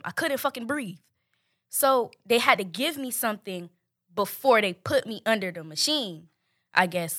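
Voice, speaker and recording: Young woman, higher voice, profane, animated storytelling. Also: dry recording, clean studio sound. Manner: profane, animated, acts out quotes. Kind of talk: casual storytelling.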